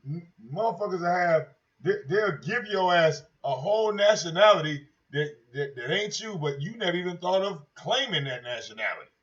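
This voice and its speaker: A high-voiced man holds forth on his own livestream in a brash, profane and mocking way, circling back over the same points. His voice comes through dull, lo-fi stream audio. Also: expressive, moderate pace, a bit bright. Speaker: livestream host. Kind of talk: casual livestream rant.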